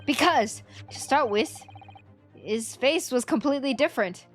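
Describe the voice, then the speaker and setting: A gruff gang boss, curt and dismissive, as a woman puts him on in a lower, slower register. Faint music plays behind him. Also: lively intonation.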